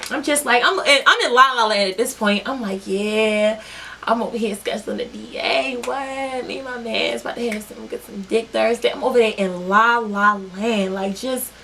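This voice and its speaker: A young woman vlogger telling a storytime tale in an animated, profane, slangy way. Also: on the high side, moderate pace, a little hiss or hum. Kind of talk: storytime vlog.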